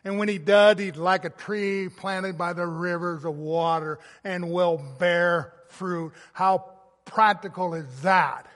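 A man preaching a sermon as a pastor, slow and emphatic, swelling loud and then dropping soft. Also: sits high, steady tone, in a large hall.

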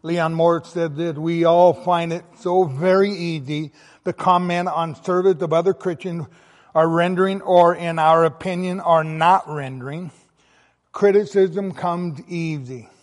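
A man's voice: on the high side, steady tone, unhurried, in a large hall. A man preaching a sermon, reading scripture aloud and stressing key words with emphasis. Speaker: pastor.

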